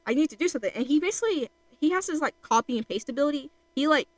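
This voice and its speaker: A woman's voice: on the high side, a bit bright, no room sound, low-quality recording. A woman streamer chatting casually while she draws, rambling with lots of fillers.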